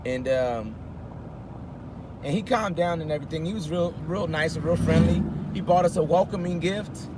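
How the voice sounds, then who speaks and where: A man's voice: on the high side, moderate pace. A man in his fifties chatting loosely on a live stream from his car, reading viewer comments as he drives. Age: 50s. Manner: talks loosely, reads viewer comments aloud. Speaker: rideshare driver livestreaming. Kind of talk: casual live-stream chat. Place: inside a car with the window down. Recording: loud street traffic noise.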